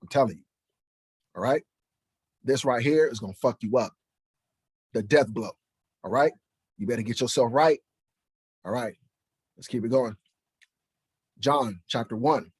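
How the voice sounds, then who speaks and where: A man preaches from scripture in a husky voice, hammering his listeners with rhetorical questions. The sound is dry and close. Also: mid-range voice, lively intonation, measured pace, pauses often, darkish tone, no room sound. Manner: emphatic, fires rhetorical questions, keeps asking "right?". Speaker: Bible teacher. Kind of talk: preaching to camera.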